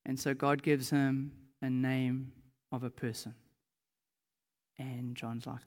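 Guy preaching in a church hall, lots of echo, tells stories and gets loud in the big parts. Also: medium pitch, slow pace, pauses often. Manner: animated storytelling, shouting in reenactments. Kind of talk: sermon with personal stories. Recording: long hall reverb.

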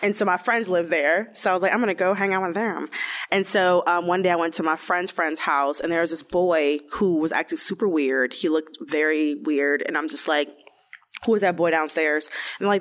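A woman's voice: fairly low pitch, fairly quick. A young woman telling her own story in casual chat, full of "like" fillers and acted-out quotes. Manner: chatty, lots of "like", animated quoted voices. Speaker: interviewee.

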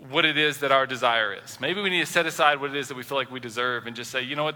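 A male pastor preaches with lively, swooping pitch and a very bright, forceful tone. He acts out quoted voices and drops between loud and soft passages. His voice rings in a long church reverb. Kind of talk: sermon. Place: church sanctuary.

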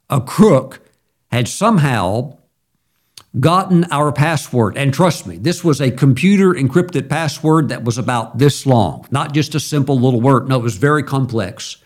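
A middle-aged man preaching from the pulpit, mid-pitched and conversational. He tells the story casually, then suddenly jumps up in pitch and volume for emphasis. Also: expressive, a little slow. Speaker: pastor. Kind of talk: sermon.

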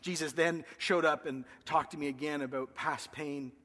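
A man's voice: a little high, steady tone, moderate pace, long reverb tail, noisy background. A man, a pastor, earnestly telling a personal story in a sermon, his voice rising when he quotes himself. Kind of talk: sermon testimony.

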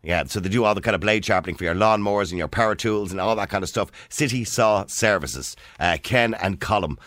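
A middle-aged Irish radio host in casual on-air banter, teasing his caller. His voice sits low, and the studio sound is dry and close. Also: fairly quick, fairly bright tone, no room sound. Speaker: radio talk show host. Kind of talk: casual on-air phone chat.

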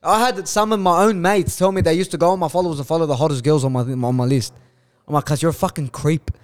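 A young man, a guest influencer, chatting casually on a podcast, swearing freely and telling animated stories. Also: on the high side, quick pace. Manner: heavy swearing, animated storytelling.

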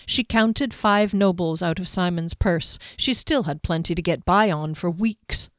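A woman narrating a fantasy audiobook in a measured, even storytelling manner. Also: on the low side, dry recording, studio quality.

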